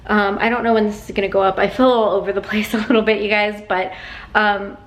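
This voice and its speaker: A woman's voice: medium pitch, level tone, fast talker. A woman talking casually in a vlog, heartfelt and rambling with lots of fillers, while packing up her home office. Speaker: vlogger and sticker shop owner. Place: apartment home office being packed up.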